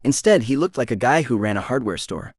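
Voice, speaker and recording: Man, romance audiobook narration, expressive, lively, dry close mic. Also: medium pitch, a little fast, dry recording.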